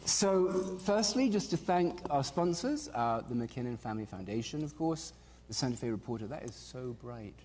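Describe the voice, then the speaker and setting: A man's voice: medium pitch, lively intonation, moderate pace, few pauses, darkish tone, a little hiss or hum. A man moderating a panel on stage, introducing the guests in a loose, chatty way with many fillers. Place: stage in a large hall. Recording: long hall reverb.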